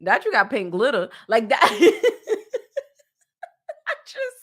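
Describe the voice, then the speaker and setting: A woman from New Jersey hosting a casual pop culture podcast, animated and playful, sometimes slipping into jokey made-up song parodies. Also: on the high side, takes it slowly. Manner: animated, playful, breaks into sung parody bits. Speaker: podcast host.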